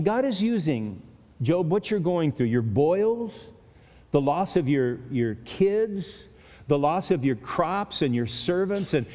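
A man's voice: on the high side, dark tone. A man preaching an expository sermon in an earnest, conversational way, speaking directly to his listeners. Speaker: pastor. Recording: long hall reverb.

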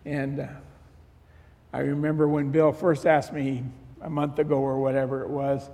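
Middle-aged pastor telling a story in a reverberant hall. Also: male voice, mid-range voice, little pitch movement, moderate pace, warm tone. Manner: conversational storytelling, acting out retold dialogue. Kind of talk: sermon testimony.

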